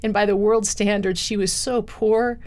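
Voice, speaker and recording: A woman's voice: mid-range voice, steady tone, normal speed, darkish tone. A middle-aged woman, a guest in an interview, telling her life story earnestly in a studio. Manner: earnest storyteller, acts out quoted voices. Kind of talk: personal testimony interview.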